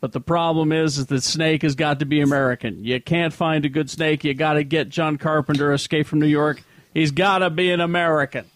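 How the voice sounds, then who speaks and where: A man's voice: fairly high pitch, fairly even intonation, fairly quick, no echo. A man hosting a casual podcast, joking and rambling while drinking with friends. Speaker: podcast host.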